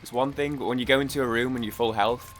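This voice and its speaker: Fast and a little bright, this medium-pitched male voice keeps a fairly even intonation. He's a gaming YouTuber in casual let's-play mode, rambling, restarting sentences and cursing here and there.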